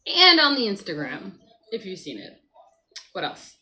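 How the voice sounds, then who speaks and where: A woman's voice: mid-range voice, wildly swooping pitch, unhurried, sharp tone, poor audio. A woman hosting a casual morning livestream at home, chatting to viewers, reading the chat aloud and talking to her child beside her. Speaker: livestream host. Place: at home by a computer.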